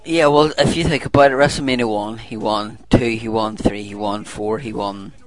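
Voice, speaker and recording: A man's voice: lowish voice, steady tone, normal speed, faint music behind. A man co-hosting a casual podcast, joking and teasing his co-host. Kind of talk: casual chat.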